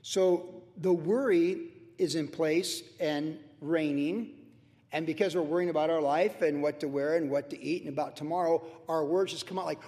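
A man's voice: a little high, steady tone, normal speed, mellow, in a large hall. A male pastor teaching a verse-by-verse sermon in a loose, conversational way, repeating himself for emphasis. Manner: conversational, repetitive, acts out worried voices.

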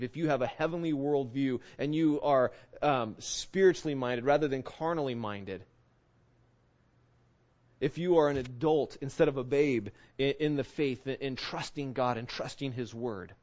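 A male pastor preaching an earnest sermon, often checking in with "right?" and slowing down to sink low on key phrases. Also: darkish tone, highs cut off. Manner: earnest, often asks 'right?'.

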